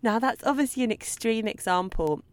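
A woman hosting a solo podcast as a dog trainer, talking in a chatty, lively way and acting out examples. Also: fairly high pitch, moderate pace, no room sound. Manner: chatty, animated, acts out babbling owner voices.

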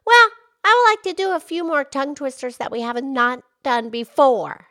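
A woman hosting a kids' podcast goes full character as a cheerful cartoonish pig, bubbly and enthusiastic. The put-on voice is very high and squeaky, a bit bright, and very animated, delivered at a normal speed.

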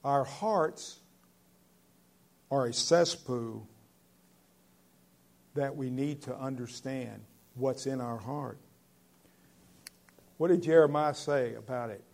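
A man preaching a sermon in an earnest, conversational way, with sudden loud stresses on key words. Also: mid-range voice, slow, vocal fry, pauses often. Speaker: pastor.

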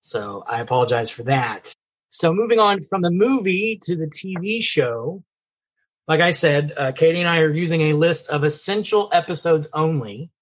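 A man's voice: a little high, lively intonation, normal speed, breathy edge. A man co-hosting a casual movie and TV podcast, chatty and upbeat. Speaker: podcast co-host. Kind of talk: casual chat.

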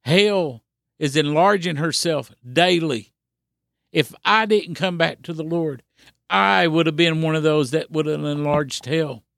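Male podcast preacher, gravelly and slightly high, earnest and insistent, dry close mic. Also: a little slow, a bit bright, dry recording. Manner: earnest, repetitive exhortation with restarts. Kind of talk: sermon.

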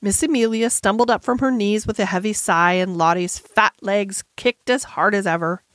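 A woman narrating a classic children's novel as an audiobook in a measured, gentle storytelling manner. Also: medium pitch, no room sound. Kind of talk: scripted narration.

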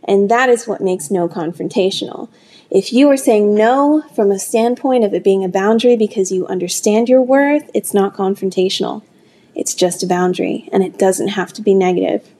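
A woman who owns a small salon tells a personal story in a candid, conversational way with halting restarts. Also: medium pitch, mellow, slight background noise. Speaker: small business owner, salon owner. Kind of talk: storytelling talk.

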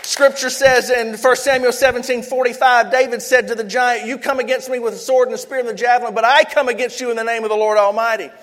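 Fervent high-voiced preacher in echoing hall. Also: male voice, fairly even intonation, fast, few pauses, a bit bright. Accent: South Louisiana. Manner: fervent, call-and-response preaching. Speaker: pastor. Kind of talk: sermon. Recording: echoey hall, long reverb.

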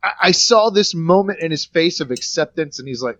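A man in relaxed conversation, with a fairly high voice that swings widely and animatedly. He talks through his opinions and often restarts his sentences. The audio sounds dull and lo-fi, with a close, dry quality. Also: moderate pace. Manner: lively, offers his own take, hedges and restarts. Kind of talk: casual chat.

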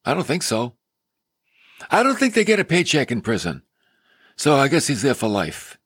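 A man preaching a sermon, retelling a parable with animated storytelling and acting out the characters. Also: mid-range voice, normal speed, slightly rough, no echo.

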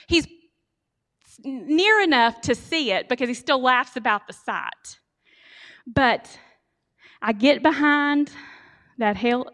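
Animated woman telling a sermon story. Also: high voice. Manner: animated, humorous, addresses audience directly. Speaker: speaker giving a church talk.

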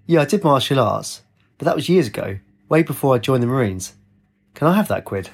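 Man voicing a gravelly, cynical ex-soldier. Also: medium pitch, expressive. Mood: wary. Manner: blunt, cynical, slow. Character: homeless one-armed ex-Marine man, cynical and worn.

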